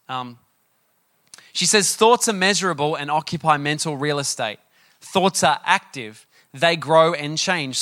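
Man, preacher, chatty storytelling, bright tone, slightly high voice. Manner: chatty storytelling, animated, many fillers. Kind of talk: sermon.

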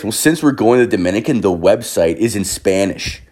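A young man telling a long comic story in a profane, rambling, animated way. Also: fairly low pitch, a little fast.

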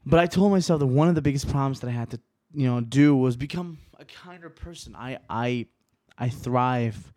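Young male solo podcaster, twenties, rambling and profane, moody swings from hushed to riled up, dry room. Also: medium pitch, normal speed, hardly any pauses, no echo. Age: 20s. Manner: profane, rambling, restarts often; swings between quiet musing and riled-up rants.

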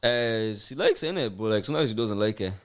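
A man's voice: on the low side, expressive, fast talker. A young man chatting casually as a podcast guest, slangy and laughing often, slipping into put-on voices when he quotes people. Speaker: podcast guest, TikTok comedian. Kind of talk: casual chat.

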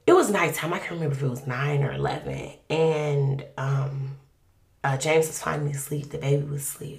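Woman, personal testimony, chatty and animated, gravelly edge, echoey room. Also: low-pitched, a little fast. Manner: conversational, animated, colloquial. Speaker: podcast guest sharing a testimony. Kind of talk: personal faith testimony storytelling.

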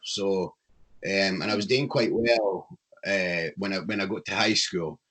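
Animated Scottish man, lowish voice. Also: a little slow. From Scotland. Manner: animated and opinionated. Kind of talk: casual chat.

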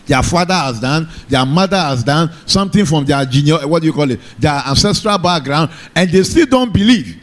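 High-voiced preacher. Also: male voice, expressive, moderate pace, hardly any pauses. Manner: call-and-response preaching, asks the congregation for amen. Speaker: pastor. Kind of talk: sermon. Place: church.

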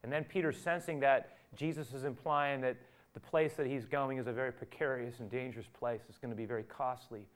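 A male pastor preaching a sermon, acting out the dialogue he quotes and rising from quiet to loud. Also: medium pitch, steady tone, fairly quick.

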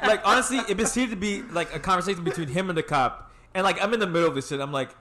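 Fast-talking young man telling a story. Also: high-pitched, a loud crowd. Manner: animated storytelling, acts out quoted voices, laughs often. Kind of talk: casual chat.

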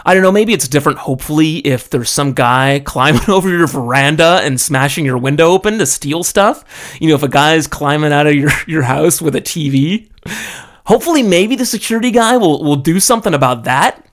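A man's voice: fairly high pitch, animated, a little fast, fairly bright tone. A man telling a story in a casual, profane rant, often checking in with "okay?" and "you know?". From foreigner living in Japan. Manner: profane, exasperated, peppers talk with "okay?". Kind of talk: casual ranting monologue.

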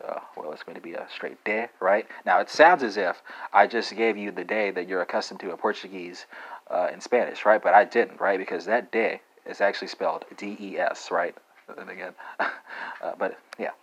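A man's voice: low-pitched, rough recording. A man with a Texas accent giving a casual spoken language lesson, full of fillers and questions like "right?". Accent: Texan. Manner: halting, frequent fillers and tag "right?". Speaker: language teacher.

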